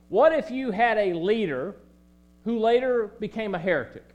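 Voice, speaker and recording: A pastor with a Southern accent preaching a sermon in a church, swinging between loud emphasis and quiet, low passages. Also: male voice. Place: church sanctuary.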